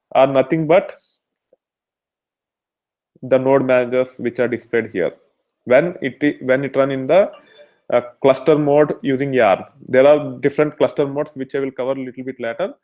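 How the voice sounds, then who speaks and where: A man's voice: mid-range voice, fairly even intonation, normal speed, lo-fi sound. Man lecturing with many filler sounds. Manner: explanatory, many fillers and restarts. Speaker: instructor. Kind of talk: technical lecture.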